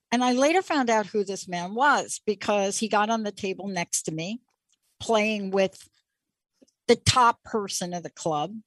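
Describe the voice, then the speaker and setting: A middle-aged woman hosts a show and tells a personal story at a slow, unhurried pace. She sounds reflective and emphatic, and she leans on repeated words. Her voice is close and dry, with no room sound around it. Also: mid-range voice, dry recording. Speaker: show host.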